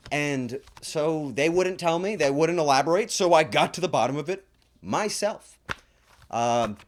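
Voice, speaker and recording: A man hosting his own stream award show, talking in a loose, self-mocking way. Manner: animated and self-mocking, quick swings in pitch. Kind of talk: casual stream chat.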